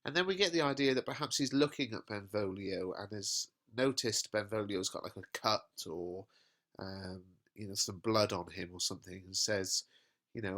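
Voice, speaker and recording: A male English teacher with a fairly low voice walks through a classic play, talking in a loose, everyday way. He fills his talk with little fillers as he turns each old line into plain modern words. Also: normal speed, fairly bright tone. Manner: casual, paraphrases in plain modern speech with many fillers. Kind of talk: explaining a play scene line by line.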